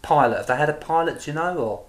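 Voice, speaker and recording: A woman's voice: low voice, lively intonation, fast. A woman co-hosting a podcast, chatting casually with laughs and swearing. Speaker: podcast co-host. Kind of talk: casual chat.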